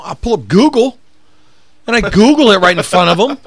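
Male podcast co-host, gravelly, very animated delivery, exasperated swearing rants. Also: sits high, brisk, dry recording, clean studio sound. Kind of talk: casual profane chat.

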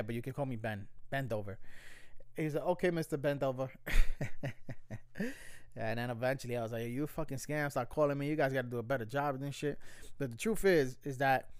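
A man from the US chatting loosely into a dry, close mic, with a smooth, resonant voice. He rambles and curses freely and tells his stories with a wry edge. His pitch sits in a middling range for a man. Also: no room sound. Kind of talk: casual storytelling.

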